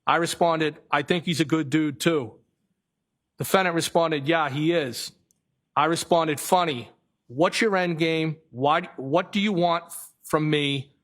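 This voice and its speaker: A man with a Boston accent, testifying as a trial witness, reading text messages aloud in a flat, halting way and correcting himself as he goes. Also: on the high side.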